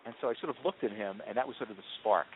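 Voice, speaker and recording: A man with a lowish voice tells his story with lots of ums and false starts, as if chatting about his work. The sound is thin and tinny, like a phone line, with a faint hiss underneath. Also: racing. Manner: animated storyteller, frequent ums and restarts. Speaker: marketing executive guest. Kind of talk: conversational interview answers.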